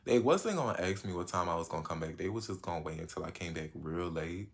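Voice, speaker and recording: Talking fast, the late-teen vlogger rattles off a slangy storytime. Sudden jumps in loudness and pitch keep it lively.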